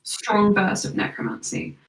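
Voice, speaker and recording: A woman narrates a tabletop game as its game master, describing each moment with measured, descriptive detail. She sounds set back from the mic in a roomy, echoing space. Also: mid-range voice, very animated, creaky. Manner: descriptive, measured narration with quick rules talk. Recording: echoey room, voice from far off.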